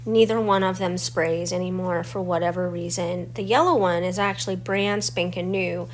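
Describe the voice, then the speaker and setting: A woman in her forties, her voice stuffy and slightly crackly from a cold, chats through a scrapbooking tutorial as the channel's host, explaining each step in the voice-over. Her voice is lowish, her tone steady, and her speed normal.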